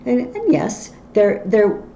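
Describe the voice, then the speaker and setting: A woman's voice: on the high side, very animated, slow pace, dark tone. A woman teacher explaining a play in a literature tutorial, with wry asides, on a dull, faintly noisy recording.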